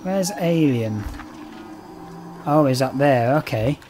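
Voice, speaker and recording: A man commentating on a horror game, swearing often, coaxing and taunting the enemy, and getting loud when frustrated. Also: fairly high pitch, lively intonation, measured pace, music in the background. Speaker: gameplay commentator. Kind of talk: let's play commentary.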